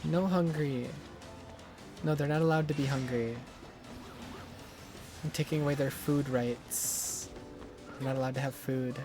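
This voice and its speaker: A man's voice: medium pitch, steady tone, measured pace, long pauses, darkish tone, soft background music. Profane, exasperated male game streamer. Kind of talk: live gameplay commentary.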